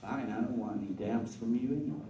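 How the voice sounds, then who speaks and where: A man's voice: medium pitch, fast, warm tone, a little hiss or hum. A man doing stand-up with dry, self-deprecating banter aimed at the crowd. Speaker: stand-up comedian. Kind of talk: stand-up set. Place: comedy club room. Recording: roomy club sound from far off.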